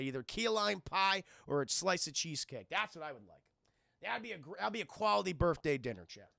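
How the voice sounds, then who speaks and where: A man's voice: high-pitched, gravelly, bright, forceful tone, dry recording, studio quality. A young man with a New York accent chatting casually on a livestream, rambling and swearing as he talks to his chat. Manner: rambling, profane, addresses chat constantly. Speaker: streamer answering viewer questions.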